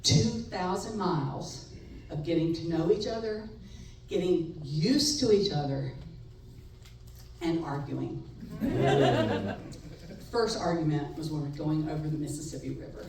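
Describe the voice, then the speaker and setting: A middle-aged woman telling a personal story live on stage, wry and animated, laughing between lines. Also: low voice, a little slow, long pauses. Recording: echoey room, far mic, faint noise.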